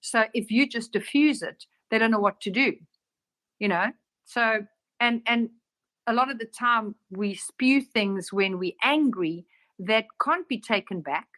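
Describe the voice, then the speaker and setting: A woman teaching in a casual spiritual talk, her voice sitting on the higher side. She talks animatedly and slips into acted-out dialogue with a raised voice. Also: a little slow, fairly bright tone.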